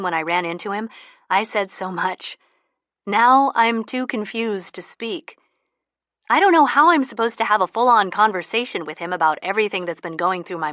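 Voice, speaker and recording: A woman narrating a first-person audiobook in a soft, intimate manner, close to the mic. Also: lowish voice, dry recording.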